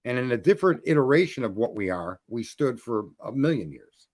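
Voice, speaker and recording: A man's voice: medium pitch, big pitch swings, brisk, darkish tone, no echo. Guy rambling through a job story, swears a lot, dead dry mic, mid voice. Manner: storytelling, profane, talks through trade details. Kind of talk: casual chat.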